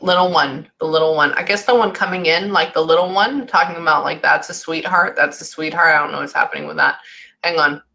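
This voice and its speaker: Woman medium, keeps stopping to listen, slips into soft near whispers, bright tone. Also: low voice, creaky. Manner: halting, keeps breaking off to listen. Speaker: psychic medium. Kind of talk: casual reading session. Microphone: recorded session.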